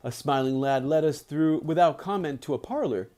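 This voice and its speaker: A man's voice: a little high, normal speed, warm tone. A man streaming live, reading a book aloud with chatty, playful asides to his viewers.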